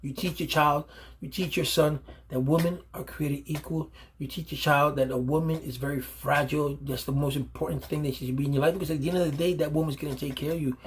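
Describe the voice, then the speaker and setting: A man's voice: a little high, steady tone, fast talker, slight background noise. A man, a father, giving earnest, emphatic advice to other fathers off the cuff, often repeating himself and restarting phrases. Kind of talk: unscripted advice monologue.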